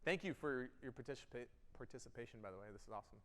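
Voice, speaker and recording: Fast, emphatic male keynote speaker. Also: medium pitch, lively intonation, a little hiss or hum. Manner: emphatic, swings between loud bursts and quiet intensity. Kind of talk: energetic keynote speech with audience interaction. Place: event hall. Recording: long hall reverb.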